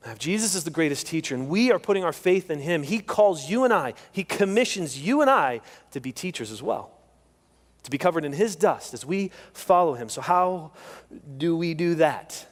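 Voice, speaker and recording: Male preacher with a high voice, hammering key lines home, heard in a church with a long echo. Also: animated, moderate pace. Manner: emphatic, repeats key phrases. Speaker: pastor. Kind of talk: sermon. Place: church sanctuary.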